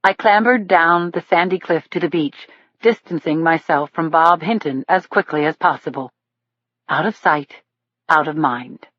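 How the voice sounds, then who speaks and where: A woman narrating a thriller audiobook in the first person, in a steady storytelling manner. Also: low-pitched, normal speed, no echo. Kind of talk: scripted narration. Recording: dull lo-fi dry recording.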